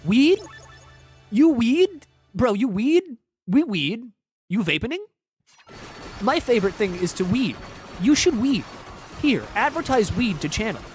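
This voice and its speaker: A pushy weed sponsor, as a man puts him on barks short broken phrases in a very high, loud voice. He sounds blunt and insistent, over game music. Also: sing-song, slow pace, long pauses, exaggerated voice.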